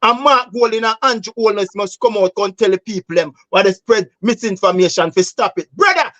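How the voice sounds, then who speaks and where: A man's voice: very high voice, pushed and bright, no echo. Jamaican man, political talk host, emphatic patois, dry close sound. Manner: passionate, emphatic, mixes patois, repeats "bro". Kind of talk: heated political commentary.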